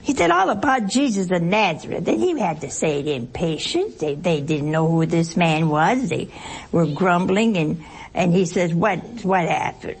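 Gravelly lady teaching scripture to a group, chatty, playful asides, lots of questions to the room. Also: on the low side, lively intonation, normal speed. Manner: conversational, asks the audience rhetorical questions. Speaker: Bible study teacher. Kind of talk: lively Bible teaching to a group.

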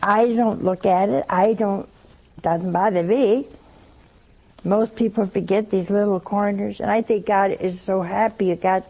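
Gravelly older woman telling a folksy sermon. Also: medium pitch, steady tone, measured pace, warm tone. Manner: folksy, chatty, acts out dialogue in different voices. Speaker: religious speaker. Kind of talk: storytelling sermon.

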